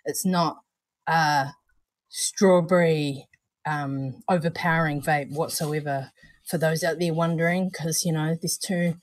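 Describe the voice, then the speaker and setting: A woman's voice: deep voice, moderate pace, no echo. A New Zealand woman co-hosting a casual livestream, chatty and bubbly, calling viewers darling and honey. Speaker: vape show co-host.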